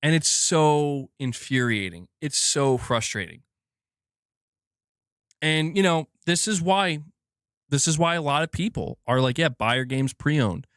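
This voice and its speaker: Young male gaming host, high animated voice, exasperated and profane rant, dry close recording. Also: measured pace, long pauses, clear, resonant tone, dry recording. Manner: exasperated, swears often, restarts sentences, mocks with put-on quotes. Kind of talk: heated solo rant.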